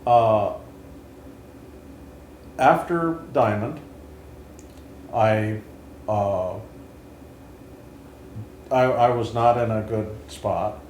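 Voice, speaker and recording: A man in his seventies, hosting an interview and telling his own story in an earnest, halting way with frequent restarts. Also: fairly low pitch, a little mellow. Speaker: interview host and Vietnam veteran. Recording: roomy with faint hiss.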